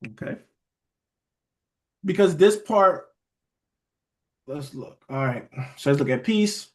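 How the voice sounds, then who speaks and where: A Bible study teacher gives a relaxed lesson online, his voice a bit high for a man. His phrasing is loose and full of restarts, and he keeps pausing to check in with listeners, asking "all right?" and calling them "beloved."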